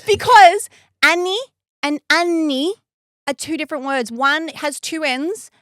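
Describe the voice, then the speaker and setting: A woman, co-hosting a podcast and telling a story in animated, laughing casual chat. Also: sits high, moderate pace, no echo, clean studio sound. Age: 30s. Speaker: podcast co-host.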